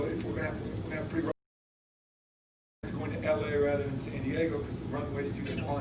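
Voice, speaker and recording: An older man in his sixties tells a lively story to a live audience, acting out what others said and laughing along. His voice sits a bit high for a man. He stands back from the mic in an echoey room, with loud ambient noise behind him. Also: distant mic. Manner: animated, laughing, acts out quotes. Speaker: former player telling stories.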